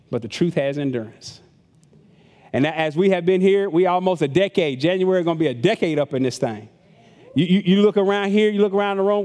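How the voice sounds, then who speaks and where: Man pastor, high voice, conversational sermon with stammered repeats and mocking voices, long church reverb. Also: a little mellow. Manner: conversational preaching, repeats words, acts out voices of critics.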